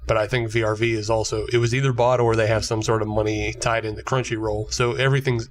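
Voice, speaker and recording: A man's voice: on the low side, flat delivery, quick pace. Laughing, self-mocking male podcast co-host. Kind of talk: casual chat.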